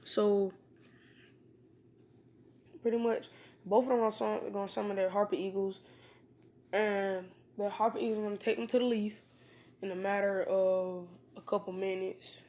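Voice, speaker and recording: Casual woman storyteller, rambling, slangy, lots of fillers, mid-range pitch. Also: steady tone, measured pace, long pauses, warm tone. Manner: rambling, many fillers and restarts; informal, slangy. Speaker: fan storyteller. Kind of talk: casual spoken fan story.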